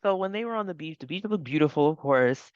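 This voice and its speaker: A woman's voice: deep voice, expressive, fast talker, no room sound, highs cut off. A woman host recapping a reality TV episode in casual commentary, chatty and laughing often.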